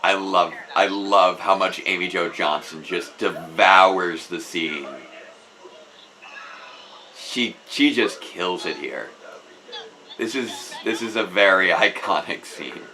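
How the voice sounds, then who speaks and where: A man's voice: deep voice, slow pace, pushed and bright, slight background noise, poor audio. A man hosting a casual live stream, chatting with enthusiasm and often restarting his sentences. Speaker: host.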